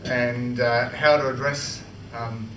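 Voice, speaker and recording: A man's voice: medium pitch, steady tone, slow pace, fairly bright tone. An Australian man giving a speech at a club meeting, telling a humorous personal story in a chatty way, restarting often and laughing. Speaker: club speaker. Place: meeting room. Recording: roomy hall, from far off, with noise.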